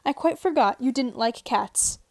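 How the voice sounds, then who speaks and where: A woman voicing a polite, anxious young girl, lifting her voice higher and louder. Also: unhurried, no room sound. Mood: eager pleading. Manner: raised, excited girlish delivery.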